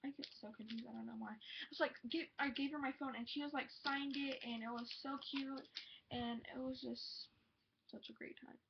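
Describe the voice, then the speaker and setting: A teenage girl telling a rambling, excited storytime vlog, gushing and full of "like" and "oh my god". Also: sits high, moderate pace, vocal fry, background noise. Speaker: vlogger. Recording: dull lo-fi home video audio.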